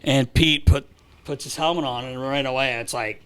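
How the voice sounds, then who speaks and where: A man hosting a podcast, telling stories casually, animated and laughing, swearing freely. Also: medium pitch, moderate pace, smooth. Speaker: podcast host. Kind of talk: casual storytelling.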